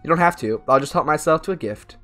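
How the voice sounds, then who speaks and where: A smug, chirpy birthday boy in a comedy game, voiced brighter and higher than a normal speaking voice by a man reading the lines. He sounds pushy and entitled. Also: animated, fast, soft background music. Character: pushy young man demanding birthday gifts.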